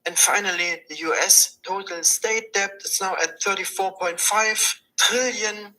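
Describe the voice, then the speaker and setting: A woman presenting scripted narration in a played economics video, steady and measured. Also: mid-range voice, low-quality recording.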